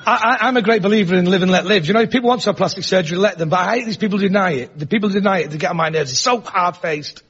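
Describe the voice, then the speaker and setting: A man's voice: sits high, racing, few pauses, fairly bright tone, highs cut off. A man on a comedy panel telling jokes and anecdotes in a conversational stand-up style.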